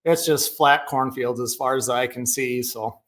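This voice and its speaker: A man's voice: mid-range voice, fairly even intonation, unhurried, fairly bright tone. A middle-aged man with a Minnesotan accent, a podcast guest telling folksy farm stories and laughing often. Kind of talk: casual storytelling chat.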